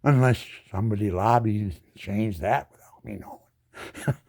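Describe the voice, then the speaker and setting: An unhurried, lowish male voice, gravelly yet a little mellow, carries this indignant rant. The speaker, a disabled veteran in his seventies, talks angrily to camera, repeating words and tossing out rhetorical questions.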